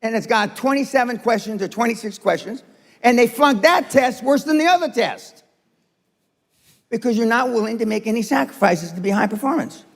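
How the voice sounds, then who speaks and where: A man's voice: very high voice, expressive, normal speed, creaky, long reverb tail. An older man giving a blunt, profane and confrontational seminar speech to a live audience. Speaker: motivational speaker. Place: seminar room.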